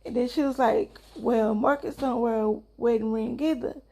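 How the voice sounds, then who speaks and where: A young woman, a married mother who vlogs, casually tells her viewers a story, calling them "y'all" and acting out both sides of the conversation in a chatty way. Her voice is on the high side with fairly even intonation and a moderate pace, over a noisy background.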